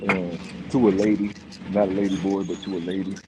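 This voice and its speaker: A man hosting a casual livestream chat. He is animated, repeats himself and dodges questions. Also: sits low, brisk, very noisy. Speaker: livestream host.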